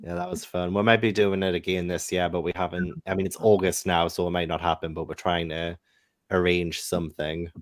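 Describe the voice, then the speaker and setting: A man chatting casually as a guest on a video call, relaxed and jokey. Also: low voice, fairly quick, no room sound, clean studio sound. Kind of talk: casual chat.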